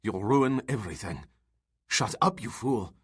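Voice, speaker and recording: A man's voice: lowish voice, animated, measured pace, husky, heavily acted. A man reading aloud and voicing a frightened older mentor who pleads urgently. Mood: pleading urgent.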